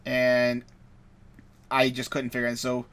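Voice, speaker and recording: Over crowd noise, a let's player comments casually on the game he's playing in an unhurried, completely flat mid-range voice. He rambles and corrects himself with asides as he goes.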